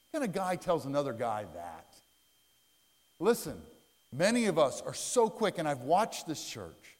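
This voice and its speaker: A pastor preaching earnestly in a church sanctuary, with a fairly high voice for a man. He swings between forceful and hushed delivery. A long reverb hangs after his words. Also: big pitch swings, unhurried. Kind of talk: sermon.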